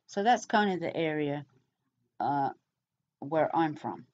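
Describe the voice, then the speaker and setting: Deep-voiced yet animated, this middle-aged Englishwoman speaks slowly with a slightly mellow tone. She's a vlogger with an English accent, chatting casually to camera and rambling with plenty of fillers, captured in dull lo-fi sound.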